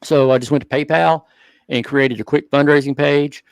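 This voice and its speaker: A man co-hosting a hobby talk show, speaking earnestly and thinking out loud in casual chat. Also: fairly high pitch, steady tone, moderate pace, clean tone, no echo. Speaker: show co-host.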